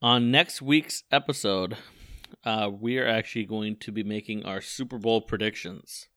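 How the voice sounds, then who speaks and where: Young male sports podcast co-host, bright and crisp voice, dry close mic, animated and laughs a lot. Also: on the low side, moderate pace, dry recording. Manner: animated, laughs often, repeats words when excited. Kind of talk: casual sports chat.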